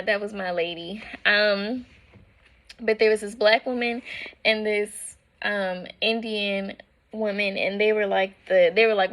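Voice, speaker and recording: A woman's voice: mid-range voice, fairly bright tone. A young woman casually telling viewers a personal story, speaking frankly, with lots of "like" and slang. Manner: slang-flavored, addresses viewers as "y'all". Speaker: vlogger.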